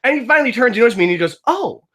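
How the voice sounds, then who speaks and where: A man's voice: extremely high pitch, racing. A young man hosting a casual podcast, telling a story with many restarts and acting out the people in it. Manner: animated storyteller, many restarts and "like"s, acts out the voices in his story. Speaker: game master and podcast host.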